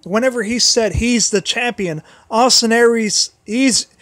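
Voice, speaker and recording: Male livestream host, high-pitched, throat worn and tired, stumbles and repeats himself; dry, close recording. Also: fairly bright tone, no room sound. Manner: halting, many restarts and repeated phrases. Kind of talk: casual solo livestream commentary.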